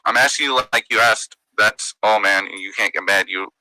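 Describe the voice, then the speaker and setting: A man hosts a livestream, ranting in a tense, sharp-edged voice that sits slightly low. He argues defensively and swears constantly. The sound is dry and close. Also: normal speed, no echo, poor audio. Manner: angry, profane, defensive ranting. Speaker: livestream host. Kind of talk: heated livestream argument.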